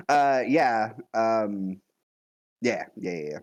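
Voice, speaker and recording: A man's voice: on the low side, animated, very slow, dry recording, highs cut off. A man playing in a tabletop game, giggly and hesitant. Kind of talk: casual game chat.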